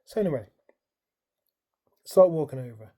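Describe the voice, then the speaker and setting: A man tells his dream in a loose, rambling way, leaning on "like" and "um" as he goes. His voice is mellow and soft-edged, and he tells it in an easy, casual way. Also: a little high, moderate pace. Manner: rambling, animated retelling full of "like" and "um"; colloquial, storytelling present tense. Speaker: dream vlogger. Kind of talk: casual storytelling.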